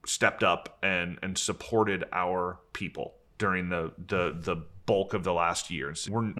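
A man's voice: low-pitched, steady tone, sharp tone. A man leading a company, candidly telling a long story on a video call in an earnest way, often restarting his sentences. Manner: earnest, frequent restarts, speeds up and slows down. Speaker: company leader and podcast host.

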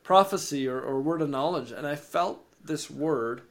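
A man, podcast co-host and ministry founder, telling a faith testimony with lively rises in energy and frequent word repeats. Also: normal speed. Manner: animated, rises in pitch and energy when excited; repeats words and restarts sentences. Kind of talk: storytelling testimony in an interview.

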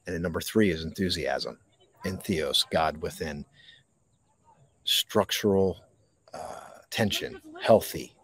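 A man hosting a live mindfulness podcast from a park, talking slowly and reflectively with dramatic pauses and reading viewer comments. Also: deep voice, fairly bright tone. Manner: reads and answers viewer comments. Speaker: podcast host. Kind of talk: live-streamed mindfulness talk. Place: outdoors in a park.

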